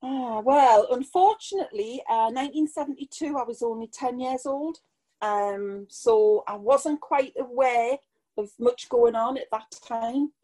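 A woman's voice: medium pitch, warm tone. A Geordie woman in her sixties, a podcast guest reminiscing in a chatty, nostalgic way and laughing often. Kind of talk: casual conversational interview.

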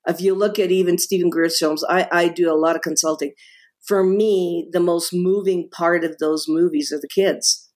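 A woman's voice: lowish voice, fairly even intonation, normal speed, darkish tone. Middle-aged woman guest on a podcast, emphatic, repeats herself, keeps restarting. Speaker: guest author. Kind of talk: podcast interview.

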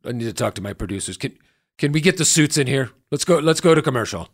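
A man's voice: medium pitch, expressive, fast talker, natural voice. An actor playing a pompous vain anchorman. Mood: rattled. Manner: pompous, panicky and melodramatic. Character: vain pompous male anchorman podcast host. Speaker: podcast host. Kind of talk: improvised comedy podcast.

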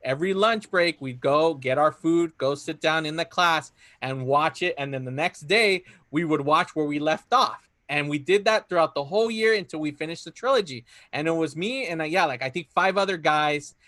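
Bright-voiced man chatting. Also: on the high side, moderate pace, hardly any pauses, no room sound. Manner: laid-back storytelling with lots of fillers and Spanish phrases. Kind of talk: casual chat.

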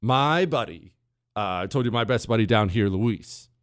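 A middle-aged American man hosts a talk radio show from a studio, his lowish voice animated and at a normal pace. The recording is clean with no room sound. His monologue is combative, sarcastic and opinionated, rambling along with restarts and asides.

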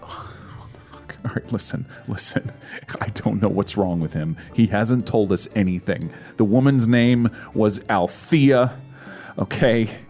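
A man's voice: fairly low pitch, a little slow, a little mellow, soft background music. A man playing a tabletop game in character, pleading urgently and swearing. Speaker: player.

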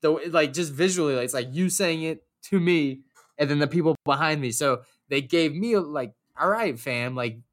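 A young man telling a story in casual chat, animated and profane, acting out the people he quotes. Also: fairly high pitch, normal speed.

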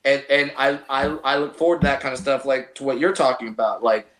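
A man, a comedian guest, chatting casually on a podcast with halting restarts and profane jokes. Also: medium pitch, a bit bright. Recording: echoey room.

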